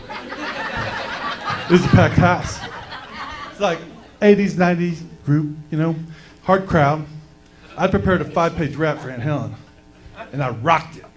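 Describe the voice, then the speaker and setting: A man doing a brash, crude stand-up set on a comedy club stage. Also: on the high side.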